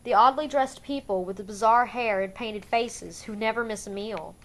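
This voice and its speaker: A woman reading a first-person novel aloud for a fan-made audiobook, in a measured, subdued way. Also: on the high side, a bit bright. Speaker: audiobook reader.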